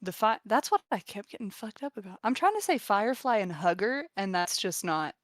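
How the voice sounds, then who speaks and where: A woman player chatting casually with her group, eager and quick to laugh. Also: medium pitch, big pitch swings, no room sound, clean studio sound. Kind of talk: casual chat.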